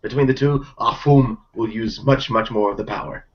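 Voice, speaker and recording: A man voicing a proud, fussy older shopkeeper who explains things with deliberate care, on a dull lo-fi recording. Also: mid-range voice, lightly acted. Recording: dull lo-fi sound.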